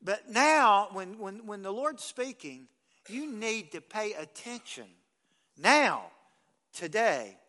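Bright high-voiced man preaching. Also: big pitch swings, slow pace. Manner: folksy, conversational preaching with repeated restarts. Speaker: pastor. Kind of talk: sermon.

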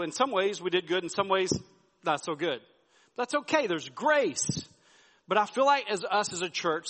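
A man's voice: sits high, fairly bright tone. A male pastor preaching a sermon, telling stories with folksy asides and frequent restarts. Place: church sanctuary. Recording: sermon with long hall reverb.

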